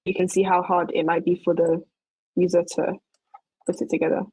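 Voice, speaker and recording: A woman's voice: lowish voice, flat delivery, fairly quick, creaky, dark tone, husky, no echo, poor audio. A young woman presenting a casual 3D modeling tutorial, thinking aloud as she works, with loose fillers. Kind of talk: casual screen-recorded tutorial.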